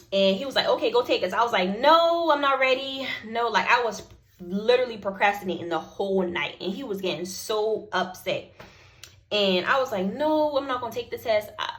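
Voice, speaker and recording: A woman's voice: medium pitch, a little fast. A young woman, telling a personal story to her viewers and acting out both sides of the conversations. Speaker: vlogger. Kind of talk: casual storytelling to camera.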